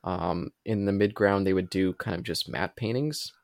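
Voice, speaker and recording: A man's voice: low voice, moderate pace, gravelly, no room sound, studio quality. A man co-hosting a casual movie commentary, eagerly explaining film trivia. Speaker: podcast co-host.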